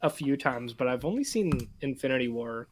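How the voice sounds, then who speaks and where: A young man with a mid-pitched voice, chatting on a casual podcast. He sounds laid-back and agreeable and laughs easily. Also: expressive, moderate pace, slight background noise. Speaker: podcast co-host. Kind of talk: casual chat.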